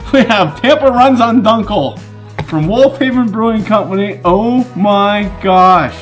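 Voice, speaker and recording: A middle-aged man filming a casual unboxing vlog, exclaiming with excitement as he opens a gift box. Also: sits high, slow pace, faint music behind. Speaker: vlogger.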